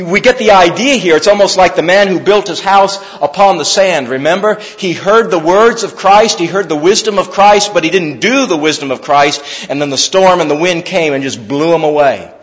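A man with a high, slightly bright voice preaches an expository sermon in an earnest, conversational style, asking listeners direct rhetorical questions and using sports metaphors. The sound is lo-fi with a long reverb tail.

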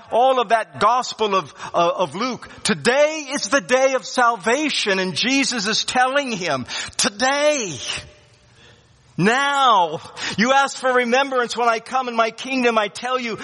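A man's voice: very high-pitched, bright, forceful tone. A man preaching a sermon as pastor, emphatic and repeating key words for weight. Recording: reverberant hall.

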